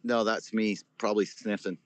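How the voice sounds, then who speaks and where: Man, low voice, casual rambling chat, joking, dry sound. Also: little pitch movement, normal speed, no echo. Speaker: guest speaker. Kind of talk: casual chat on a live audio space.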